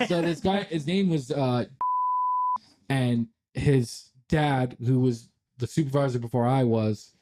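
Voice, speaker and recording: A man's voice: mid-range voice, takes it slowly, very noisy. A young man, co-hosting a podcast and telling a long workplace story in casual chat. He rambles, laughs often and swears freely. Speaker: podcast co-host.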